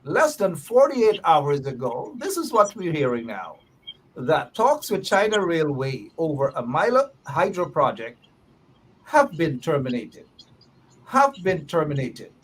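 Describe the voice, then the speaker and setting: A man hosts a political talk show, his voice sitting fairly high. He reads headlines aloud and repeats key phrases before handing off to his guest. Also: very animated, a little slow, slightly rough. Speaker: show host.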